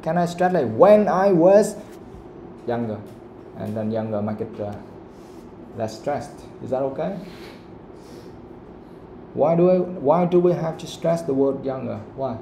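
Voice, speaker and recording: A man teaching a live English pronunciation lesson, asking the class the same question again and again and saying the example sentences slowly. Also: medium pitch, gravelly. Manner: asks questions again and again, quotes the audio slowly. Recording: echoey room, faint background noise.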